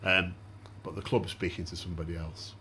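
A man with a fairly low voice hosts a casual podcast. He recounts events in an orderly, explanatory way and turns to his guests with questions. A faint noise floor runs underneath. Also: little pitch movement, fast, bright, forceful tone. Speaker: podcast host.

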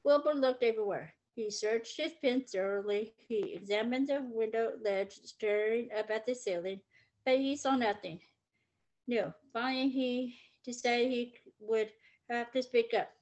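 A woman reading a children's book aloud, with gentle, expressive storytelling. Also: fairly high pitch, measured pace, rough recording. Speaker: reader.

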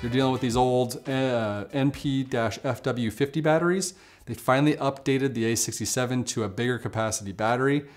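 A man talking casually in a camera review vlog, relaxed and conversational, with lots of fillers and asides. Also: medium pitch, brisk, faint music behind.

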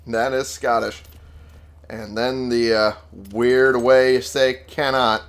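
A man's voice: medium pitch, level tone, slow pace, fairly bright tone, clean tone. A young man casually commentating his gameplay, swearing freely and talking back to the characters with wry humor. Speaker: let's play gamer.

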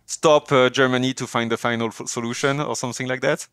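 A man with a French accent co-hosting a casual livestream chat, pausing often with fillers in English, his second language. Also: medium pitch, fairly even intonation, fairly bright tone, clean tone, no room sound. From France. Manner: hesitant, many fillers, chuckles often. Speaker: co-host.

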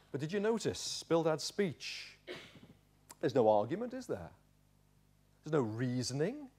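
A male pastor delivers a sermon in a voice pitched a little above the usual for a man. He reads scripture and turns it into lively storytelling, full of dramatic asides.

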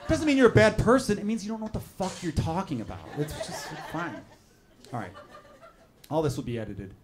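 A man with a fairly high voice works the room at a comedy club, riffing loose and profane on the spot. A live audience laughs loudly around him through the stage mic. It has the feel of a live club recording. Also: animated, a little fast, a crowd in the background. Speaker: stand-up comedian. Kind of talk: stand-up crowd work.

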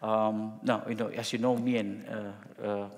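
A middle-aged man from Singapore, a pastor preaching and telling a personal story in a joking, halting way. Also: on the low side, flat delivery, in a large hall. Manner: jokey storytelling, many restarts. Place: church hall.

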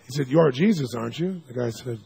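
A man giving a seminar talk, telling stories in an animated way and acting out the people he quotes, sometimes with sudden loud shouts. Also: medium pitch, fast talker, vocal fry, slight background noise. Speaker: seminar speaker. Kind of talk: storytelling lecture.

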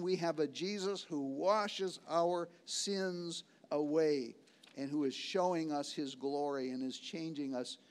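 Pastor, male, high voice, emphatic repeating sermon delivery. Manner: slows for key words, swings between loud and hushed.

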